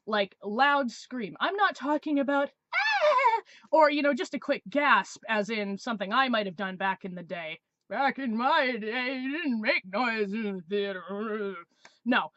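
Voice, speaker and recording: A woman's voice: on the high side, fairly bright tone, no room sound, lo-fi sound. A woman in her twenties, a vlogger telling a story in a sarcastic, exasperated way. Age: 20s. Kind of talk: casual storytelling review.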